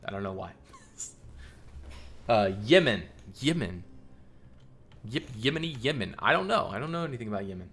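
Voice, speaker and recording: A man's voice: mid-range voice, very animated, moderate pace, pauses often, fairly bright tone. A man streaming live and chatting casually with viewers, thinking aloud in a rambling way and laughing often.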